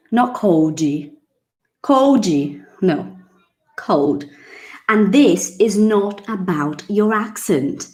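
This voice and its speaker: A woman, teaching English in a chatty, casual way and repeating words slowly so they can be drilled. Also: medium pitch, a little mellow. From Brazil. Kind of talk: casual online English lesson.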